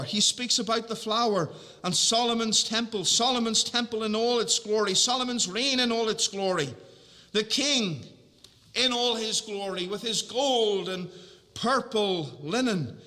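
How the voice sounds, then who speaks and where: High, bright-voiced preacher in a reverberant hall. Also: male voice. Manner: earnest, repetitive emphasis, slows down on key phrases. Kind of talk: sermon.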